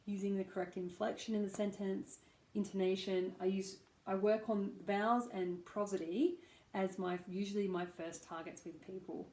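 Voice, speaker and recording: A woman's voice: mid-range voice, steady tone, moderate pace, darkish tone, echoey room. A woman with an Australian accent, teaching a pronunciation lesson and demonstrating vowel sounds patiently. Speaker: accent coach.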